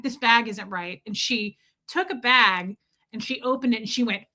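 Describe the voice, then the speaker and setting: A woman vlogger tells a story casually and with lots of animation, acting out the voices she quotes and swearing when she gets worked up. Her voice is a little high and her pace brisk.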